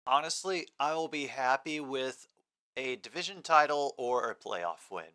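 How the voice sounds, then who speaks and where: A man's voice: medium pitch, animated, a little slow, sharp tone, smooth. A man hosting a casual live sports stream, rambling between game commentary and replies to chat comments.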